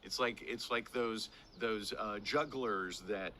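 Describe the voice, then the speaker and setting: Animated older man teaching verse speaking. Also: slow pace, slight background noise. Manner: animated, demonstrative, swinging pitch for emphasis. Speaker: acting teacher.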